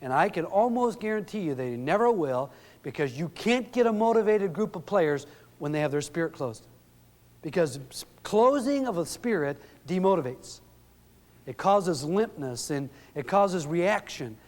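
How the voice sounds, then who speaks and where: A man's voice: high-pitched, animated, moderate pace, a little mellow. Man giving a seminar in a reverberant hall. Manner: storytelling, acts out quoted dialogue. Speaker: relationship seminar speaker. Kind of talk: live seminar talk.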